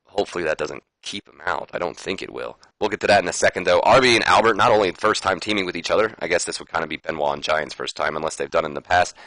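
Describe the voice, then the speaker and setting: A man's voice: low-pitched, expressive, fast talker, bright, forceful tone, dry recording, low-quality recording. Casual male gameplay commentator. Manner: casual, chatty, swears, trails off. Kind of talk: casual let's-play commentary.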